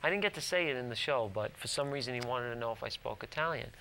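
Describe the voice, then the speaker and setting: Male guest, gravelly, bright tone, chatty storyteller with restarts. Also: mid-range voice, animated, fast, slight background noise, low-quality recording. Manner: rambling, restarts, lots of "like". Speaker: actor, guest. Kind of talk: casual interview storytelling. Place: TV studio.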